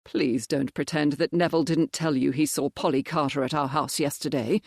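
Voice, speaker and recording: A grim, steady gentleman presses his questions without letting up, as the narrator reads him. The delivery stays controlled and firm. The sound is close and dry. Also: mid-range voice, moderate pace, no echo, close to an everyday voice. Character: grim, determined male baronet and major.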